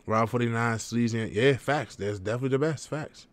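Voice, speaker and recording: A man's voice: mid-range voice, fairly quick. A young man casually reacting to a rap video and ranking the verses, talking straight to his viewers in loose slang. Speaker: music reaction vlogger.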